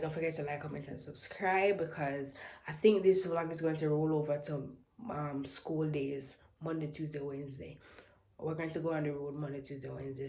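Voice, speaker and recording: Jamaican girl around 18 chatting to her vlog, drops into patois, lowish voice. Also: a little mellow, slight background noise. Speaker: vlogger. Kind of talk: casual vlog chat.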